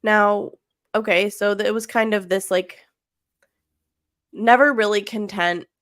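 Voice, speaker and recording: A woman's voice: medium pitch, fairly even intonation, measured pace, fairly bright tone, no room sound. Chatty woman interviewer, dry sound. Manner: chatty, many fillers, leading questions. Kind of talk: casual interview chat.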